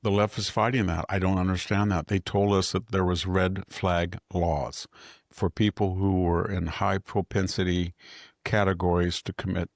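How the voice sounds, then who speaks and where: An older man talks through politics in a casual, opinionated way, often restarting his sentences. His voice is low and gravelly. The sound is dry and close. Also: no echo. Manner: rambling, opinionated, frequent restarts. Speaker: podcast host.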